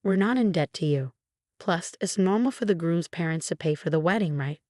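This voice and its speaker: Brief: woman reading as a snide spoiled young bride, lowish plain voice, dry. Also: expressive, a little fast, darkish tone, no room sound, close to an everyday voice. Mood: mocking. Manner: mocking and condescending.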